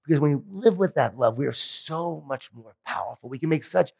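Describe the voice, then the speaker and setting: A man giving a motivational keynote speech at a conference, telling animated stories with self-deprecating humor. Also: fairly high pitch, fairly quick, vocal fry, husky. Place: large conference hall. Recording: long hall reverb.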